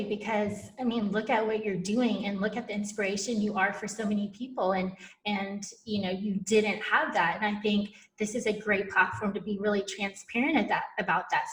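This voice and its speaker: A woman's voice: medium pitch, steady tone, a little fast, hardly any pauses. A woman hosting a podcast interview, asking long, emotional questions with restarts. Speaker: podcast host. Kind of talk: conversational interview. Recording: echoey room, far from mic.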